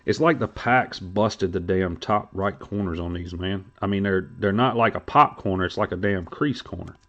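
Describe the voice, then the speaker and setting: A man's voice: low voice, normal speed, fairly bright tone, highs cut off. A man hosting a trading card stream, rambling and joking crudely in casual chat.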